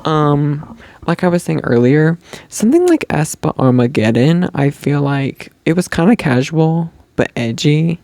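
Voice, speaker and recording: A young man tells a fan story on his podcast in a chatty, gushing way. His voice is gravelly and warm, with a dry, close sound. He rambles, restarts, and fills gaps with "like" and "um". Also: a little high, big pitch swings, unhurried, dry recording. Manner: gushing, chatty fan talk with many likes and ums. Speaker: podcast host. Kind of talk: casual storytelling chat.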